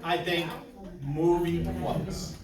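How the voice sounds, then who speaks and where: A man in his sixties speaks slowly in a slightly high voice, joking with the audience as he presents. He sounds distant in a roomy hall, with a crowd murmuring faintly behind him. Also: level tone, creaky. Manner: chatty, jokes with the audience. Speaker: conference speaker. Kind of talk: interactive presentation.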